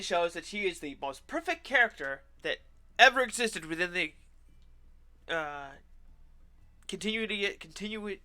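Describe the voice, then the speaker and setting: A streamer man with a high voice and a piercing, very bright tone. He rants sarcastically and with animation while playing a game, swearing freely. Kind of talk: ranting commentary while gaming.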